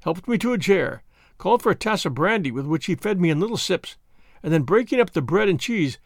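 A man reading a classic adventure novel aloud, his fairly high voice lively and wide-ranging in pitch. The storytelling is measured and expressive, recorded close and dry with no room sound. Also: dry recording. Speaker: narrator.

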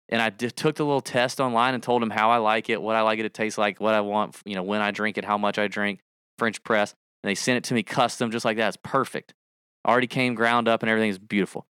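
Bright, clear-voiced male podcast host. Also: lowish voice, fast, dry recording, studio quality. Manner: animated, breaks into rapping and song impressions. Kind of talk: casual podcast chat with ad read.

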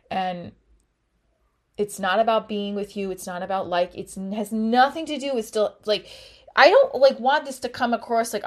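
A woman's voice: mid-range voice, a little slow. A woman in her thirties hosting a podcast, talking openly and emotionally about being hurt, swearing often. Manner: raw, emotional, frequent swearing. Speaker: podcast host. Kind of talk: candid personal monologue.

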